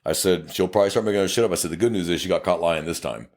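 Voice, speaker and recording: A man's voice: sits low, very fast. A man with a South Texas accent, a police officer co-hosting a podcast, telling a story with lots of profanity and acted-out dialogue. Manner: profane, animated, acts out dialogue. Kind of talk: casual storytelling chat.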